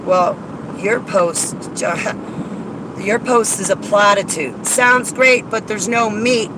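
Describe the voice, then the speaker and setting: A blunt, argumentative woman rants in a casual vlog from around her car. Clear traffic and street noise runs behind her voice. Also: medium pitch, slow. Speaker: vlogger.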